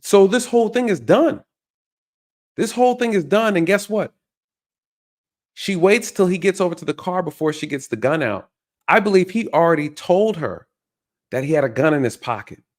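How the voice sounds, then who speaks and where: A man's voice: high voice, animated, normal speed, long pauses. A man hosting a reaction video, talking emphatically to his viewers and repeating his points for stress. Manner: emphatic, repeats phrases, addresses viewers directly. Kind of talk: reaction commentary.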